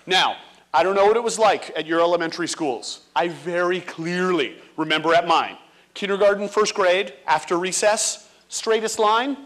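A man giving a comic talk on stage, acting out children and teachers in an animated way. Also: high-pitched. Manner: animated, acts out kids and teachers. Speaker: speaker.

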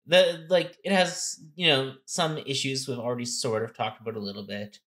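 Guy co-hosting a game chat, bright tense voice, works through ideas out loud. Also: medium pitch, fairly even intonation, normal speed. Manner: explains step by step, thinking aloud with restarts. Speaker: co-host. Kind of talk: casual game-strategy discussion.

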